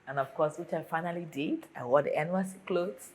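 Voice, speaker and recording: A young woman with a Nigerian accent talking earnestly and warmly to her viewers in a casual vlog. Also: low voice, fast talker, poor audio. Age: young adult. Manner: earnest and warm toward viewers, heartfelt. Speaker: vlogger.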